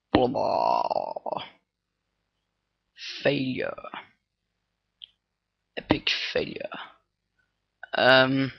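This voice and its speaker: Tutorial guy, very slow and gravelly, muttering through fillers and restarts, dull dry cheap-mic sound. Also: no echo. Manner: halting, thinks aloud, many fillers and restarts. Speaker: scripting tutorial maker. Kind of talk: casual screen-recorded coding tutorial. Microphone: cheap computer microphone. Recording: dull, low-quality microphone.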